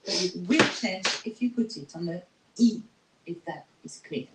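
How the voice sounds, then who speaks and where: A woman's voice: on the low side, expressive, normal speed. Woman, patient French teacher, mid voice, repeats words with "okay?", echoey recording. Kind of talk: recorded language lesson. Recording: echoey room, faint noise.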